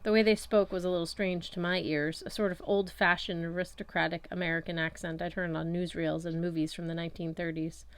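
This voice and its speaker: A woman's voice: on the low side, level tone, a little fast, few pauses, clear, resonant tone, no room sound. A woman narrating a first-person audiobook chapter in a wry, conversational storytelling manner. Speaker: audiobook reader.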